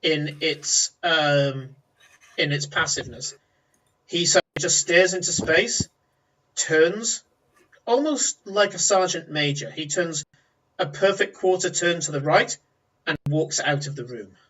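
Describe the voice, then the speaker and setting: A man narrating a tabletop game as game master, descriptive and pausing with fillers. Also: on the high side, fairly bright tone. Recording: voice a bit far from mic.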